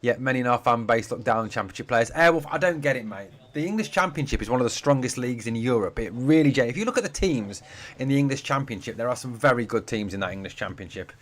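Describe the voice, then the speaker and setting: A man's voice: medium pitch, lively intonation, fast, few pauses. A man hosts a live fan watch-along, calling the play as it happens. His talk is loose and chatty, full of swearing and replies to comments from viewers. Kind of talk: casual live-stream match commentary.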